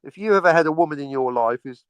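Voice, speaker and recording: A man's voice: fairly high pitch, animated, fast talker, a bit bright, clear, resonant tone, no echo. A man co-hosting a casual podcast, ranting sarcastically and swearing freely. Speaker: podcast co-host. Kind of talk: casual crude banter.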